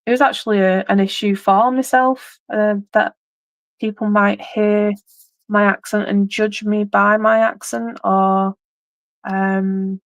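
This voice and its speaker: An English woman in her thirties chats casually on a live stream. She rambles, restarts sentences and fills pauses with ums. Her voice sits at a middle pitch and sounds dry and close. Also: flat delivery, no room sound, poor audio. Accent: English, mixed regional. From England.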